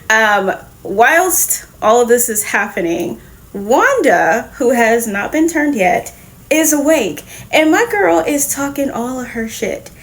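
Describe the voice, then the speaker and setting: A woman hosting a casual comic book review, retelling the story in a lively, profane way with quick laughs. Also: on the high side. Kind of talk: casual recap and reaction.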